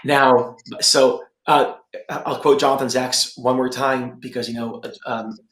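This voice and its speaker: An Israeli man speaking on a conference panel, emphatic and lively, repeating his points for effect. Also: medium pitch, a little slow, reverberant, low-quality recording. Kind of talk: animated panel discussion. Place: room in Jerusalem.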